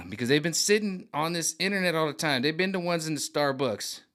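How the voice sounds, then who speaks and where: A man ranting to camera in an animated, mocking, rambling monologue. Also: a little high, moderate pace. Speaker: vlogger. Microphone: camera on gimbal.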